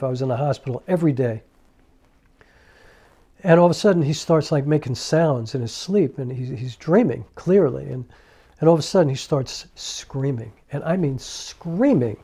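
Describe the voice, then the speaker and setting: A middle-aged man, a filmmaker and storyteller, earnestly recounts a personal story in a conversational style, restarting sentences and adding asides. His voice is slightly high, and soft piano music plays beneath him.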